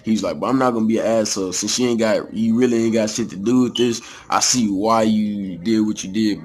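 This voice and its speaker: A man's voice: fairly low pitch, a little hiss or hum. A young man from Texas with a Texas accent, telling a story in a casual, slangy, profane way.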